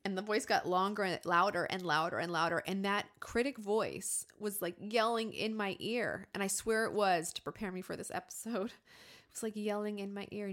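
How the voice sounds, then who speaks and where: A woman in her thirties co-hosting a podcast, telling a personal story candidly and acting out her inner voices with sudden jumps in pitch. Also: moderate pace, fairly bright tone. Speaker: podcast co-host.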